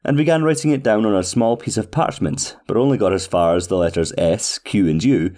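A pompous restaurant manager reads his own letter in a man's voice, formal, flowery and overly courteous. The voice sits a little low. He keeps a steady storybook tone. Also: brisk, lightly acted. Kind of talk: scripted reading of a letter.

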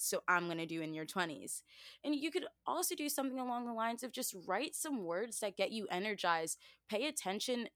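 A woman's voice: on the low side, fairly bright tone, no room sound, clean studio sound. A young woman, a guest on a podcast, talking in a chatty, upbeat way with lots of "like". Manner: chatty, upbeat, says "like" often. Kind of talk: casual podcast chat.

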